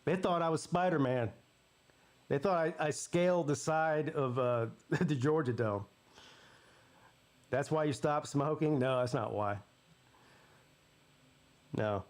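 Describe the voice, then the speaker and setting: A man's voice: on the high side, slow, long pauses. A man hosting a live sports watch party, telling a story in a casual way, swearing freely and acting out the voices he quotes.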